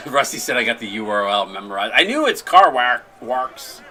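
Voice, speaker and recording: Man, live-stream commentary, sharp bright voice, quick jokes, loud shot calls. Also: medium pitch, poor audio. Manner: chatty, jokey, breaks into excited shot calls. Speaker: play-by-play commentator and stream host.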